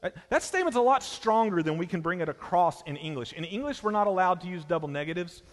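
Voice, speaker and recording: A man with a Southern US accent preaching a sermon as pastor, emphatic and shifting between hushed and loud passages. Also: sits high, lively intonation, fast talker. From Southern United States. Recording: long hall reverb.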